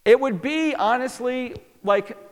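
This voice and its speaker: A man's voice: very high-pitched, slow pace, long reverb tail. A man preaching a sermon, asking the listeners question after question as he explains the land and its people. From New York. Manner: animated preacher, asks the crowd many questions. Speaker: pastor.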